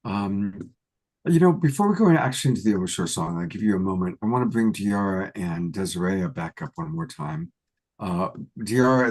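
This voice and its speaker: A male host of a spiritual talk show, gentle and appreciative as he guides the guests. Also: low voice.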